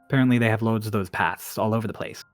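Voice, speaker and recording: A man's voice: lowish voice, steady tone, fast talker, no room sound, close to an everyday voice. A man voicing a laid-back, blunt woman with a Cockney accent, speaking in clipped, offhand slang over faint music.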